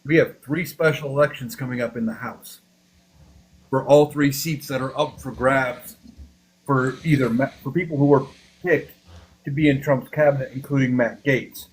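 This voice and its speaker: Panelist, man, mid-pitched, earnest, persuading listeners. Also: steady tone, moderate pace, poor audio. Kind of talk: casual live podcast talk.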